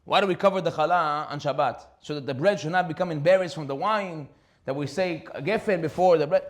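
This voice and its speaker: A rabbi preaching in a lively sermon, a man with a high voice for his sex. He talks quickly, fires off rhetorical questions and laughs often as he tells stories.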